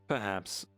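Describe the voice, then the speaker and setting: A man playing a dry, hesitant scribe. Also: sharp tone. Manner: hesitant, many ums and uhs, dry understatement. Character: cautious male scribe, rule-bound and wry. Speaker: roleplay player. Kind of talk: live online fantasy roleplay.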